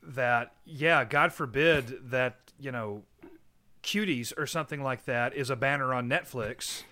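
A man's voice: mid-range voice, unhurried, bright, forceful tone. A man who is a parent, chatting casually as a podcast co-host, rambling and laughing often as he talks. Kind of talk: casual chat.

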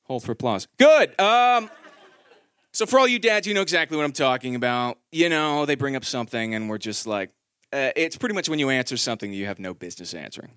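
A man in his thirties performing a stand-up comedy set, telling a story with animated delivery and acted-out quotes. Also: medium pitch, fairly quick, smooth, dry recording, clean studio sound.

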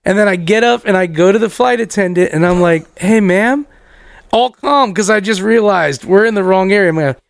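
A young man spins a wild story in casual talk, his voice high and gravelly with plenty of fry. He swears freely and laughs as he goes, and the sound is dry and close, with no room echo. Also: brisk, hardly any pauses. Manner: animated, profane, laughs through the story. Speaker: podcast co-host telling a story.

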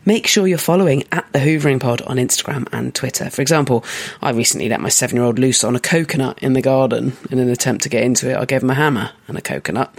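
A man's voice: medium pitch, no room sound. A man hosting a podcast, joking with listeners as he introduces a segment. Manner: jokey, warm address to listeners. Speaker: podcast host.

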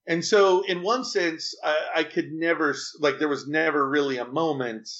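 A man's voice: fairly high pitch, steady tone, moderate pace, fairly bright tone, muffled recording. A man being interviewed, telling a personal story in an earnest, chatty and rambling way. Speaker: interview guest.

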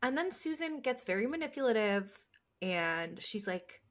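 A woman's voice: medium pitch, moderate pace. A woman co-hosting a podcast, chatting casually as she recaps a TV episode, laughing often and acting out the characters' lines. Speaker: podcast co-host.

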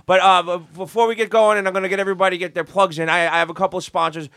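A man's voice: high voice, flat delivery, rapid-fire, clear, resonant tone, no echo. A man hosting a show, telling stories in casual chat, swearing freely and restarting his sentences. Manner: profane, stammering restarts, loud laughing outbursts. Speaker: podcast host.

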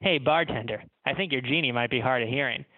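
A man's voice: medium pitch, fast talker, dry recording, lightly acted. A man doing an ordinary, puzzled bar patron. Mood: matter-of-fact. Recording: tinny phone-like line.

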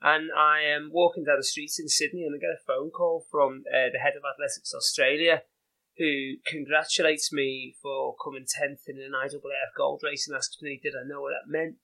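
A British man in his forties tells stories as an interview guest, chatty and loose, full of fillers. His voice sits a little high for a man and sounds bright and forceful. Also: flat delivery, brisk, vocal fry, low-quality recording. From Britain. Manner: chatty, rambling with many fillers, laughs at own stories. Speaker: guest runner. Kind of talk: casual anecdotal interview.

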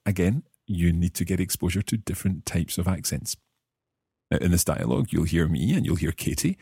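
A man's voice: sits low, dark tone, breathy edge, no room sound, studio quality. A Scottish man hosting a language-learning podcast, explaining patiently and encouraging his listeners. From Scotland. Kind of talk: friendly explanatory teaching.

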